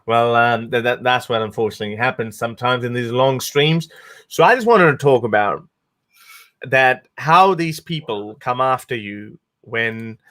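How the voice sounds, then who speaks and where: A man's voice: mid-range voice, moderate pace, a bit bright. A man hosting a livestream, talking casually in an amused, sarcastic way with frequent laughs and restarts. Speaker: host.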